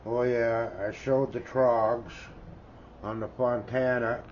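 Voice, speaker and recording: An older Canadian man in his seventies talks slowly and folksily, wandering off on asides and tacking "eh?" onto his remarks. His voice comes through dull and lo-fi, with a faint hiss underneath. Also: medium pitch, level tone. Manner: rambling, folksy, tags remarks with "eh?". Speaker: record collector. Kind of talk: casual show-and-tell chat. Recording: dull lo-fi sound with faint background noise.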